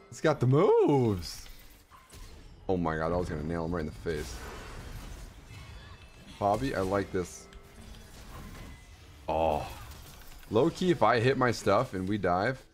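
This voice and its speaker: A young man giving excited gameplay commentary as a streamer, full of gamer slang and exclamations, with faint music behind him. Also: low-pitched, moderate pace, long pauses.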